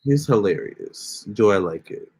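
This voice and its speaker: A man's voice: on the low side, lively intonation, unhurried, darkish tone, husky. A young man hosting a casual phone livestream, chatting with viewers and reading their comments aloud. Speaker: livestream host.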